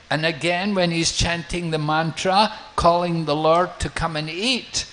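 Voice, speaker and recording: Man, monk preacher, devotional storytelling, slow and deliberate, slightly high voice. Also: fairly bright tone, poor audio.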